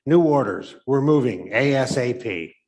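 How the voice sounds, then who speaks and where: An army sergeant in a read-aloud war story, brisk and clipped, as a man voices him. The orders come out fast and urgent, a little louder than the narration around them. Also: mid-range voice, natural voice.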